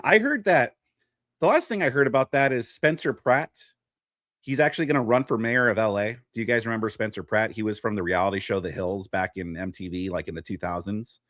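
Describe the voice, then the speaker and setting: A man's voice: medium pitch, fairly bright tone, dry recording. A man hosting a live political stream, ranting in a sarcastic, mocking way. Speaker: host. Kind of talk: casual political talk.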